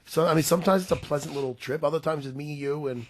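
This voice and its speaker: A man in his forties, co-hosting a podcast in casual, animated chat, full of restarts and swearing. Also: a little high, slight background noise. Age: 40s. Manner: animated, swearing, talks in quick bursts with restarts. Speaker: podcast co-host.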